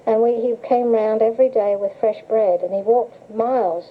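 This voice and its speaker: On an old cassette with a tinny, hissing sound, an older woman with a fairly high voice talks at a moderate pace. Being interviewed, she reminisces casually in a chatty, storytelling way and laughs often as she recalls her memories.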